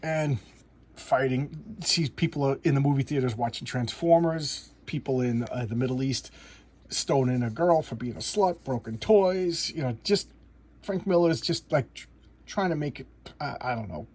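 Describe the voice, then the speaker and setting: A man talks through a comic book review in a loose, rambling way, stumbling over restarts and chuckling as he goes. His voice has a husky, slightly raspy grain at a middling pitch. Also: moderate pace, darkish tone. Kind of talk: casual spoken comic review.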